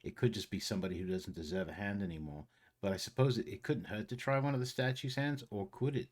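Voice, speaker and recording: A man playing a tabletop game, thinking out loud in a wry, musing way. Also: lowish voice, quick pace. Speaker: player.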